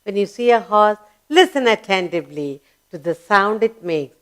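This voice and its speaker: A woman teaching young children with an Indian English accent, in a slow, coaxing, sing-song way, asking questions and answering them herself, and spelling words out letter by letter. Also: medium pitch, animated. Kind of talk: kids' lesson narration.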